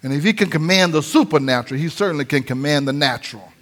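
A male pastor preaching a sermon, breaking into sing-song phrases and shouted lines. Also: on the high side, animated, fast.

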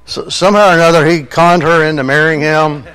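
Man, folksy church host, slightly high voice. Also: fairly even intonation, brisk, fairly bright tone, smooth, low-quality recording. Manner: folksy, encouraging. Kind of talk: introducing a speaker at church. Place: church service.

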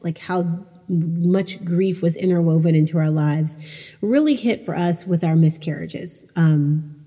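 Middle-aged woman host, low husky voice, candid and self-deprecating, reverby room. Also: a little slow, mellow. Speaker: podcast host. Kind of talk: personal storytelling monologue.

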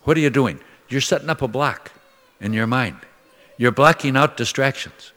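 Older priest preaching in a reverberant hall. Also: male voice, medium pitch, moderate pace, bright, forceful tone. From Minnesota, USA. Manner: conversational and folksy, acts out voices in anecdotes. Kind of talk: sermon with storytelling.

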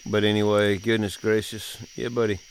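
His voice is lowish, with little pitch movement and a moderate pace, and a little hiss or hum underlies it. He's a middle-aged podcast host and father, casually recounting family stories in a drawling, folksy way and laughing often.

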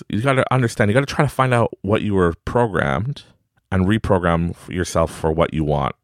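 A man's voice: low voice, no room sound, clean studio sound. A man in his forties hosting a podcast, giving a rambling, upbeat motivational talk and laughing often. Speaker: podcast host.

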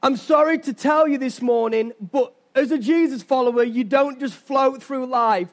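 A young man preaching a sermon as pastor, telling stories and asking his listeners rhetorical questions. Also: very high-pitched. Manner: conversational storytelling with rhetorical questions.

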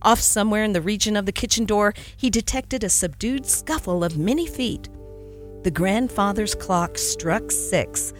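A woman narrating a classic holiday story in an expressive, storytelling reading. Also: mid-range voice, moderate pace, soft background music.

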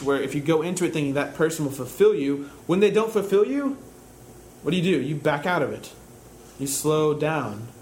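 A male pastor delivering a sermon in a somewhat high voice. He swings between calm explanation and loud, climbing emphasis. A faint hum sits under the recording. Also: poor audio. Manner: rises to loud, high-pitched emphatic preaching.

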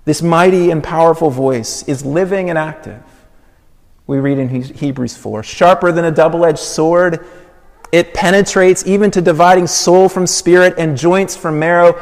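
High-voiced male preacher in a reverberant hall. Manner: measured, emphatic preaching with slow repeated phrases. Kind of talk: sermon.

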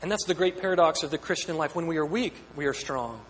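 A man's voice: fairly high pitch, fast. A pastor preaching a sermon, earnest and questioning, often repeating words as he builds a point. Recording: echoey hall with long reverb, faint hum.

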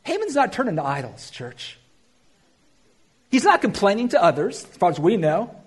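A man preaching a sermon, addressing the church with emphatic rises and quiet, drawn-out phrases. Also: high voice, wildly swooping pitch, husky. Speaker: pastor.

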